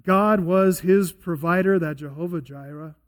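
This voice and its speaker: A male pastor delivers a sermon in an earnest, emphatic way, his voice sitting a little higher than most men's. As he prays he drops to a hushed, soft tone, slowing and quieting his words. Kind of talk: sermon and closing prayer.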